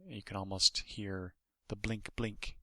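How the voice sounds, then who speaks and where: A man's voice: deep voice, steady tone, moderate pace, creaky, sharp tone, no echo. A man hosting a podcast, casually reviewing a comic book in a rambling way, with many restarts and asides.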